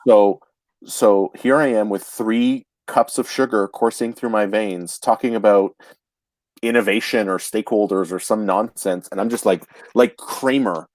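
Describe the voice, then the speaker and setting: A man, telling a casual anecdote in a chatty, animated way with frequent restarts. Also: fairly low pitch, measured pace, dry recording. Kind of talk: casual storytelling chat.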